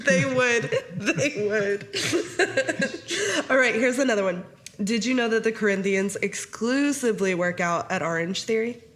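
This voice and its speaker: A woman's voice: fairly high pitch, measured pace, a little hiss or hum. A woman in her thirties co-hosting a podcast, chatting casually and telling stories with lots of laughter. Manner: giggly, animated storytelling with frequent laughter. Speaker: podcast co-host.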